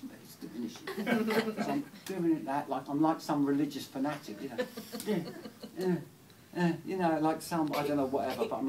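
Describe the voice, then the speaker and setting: A man from England with an English accent, doing rambling stand-up comedy. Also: mid-range voice. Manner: rambling and giggly. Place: small venue. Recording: distant mic in a venue, faint noise.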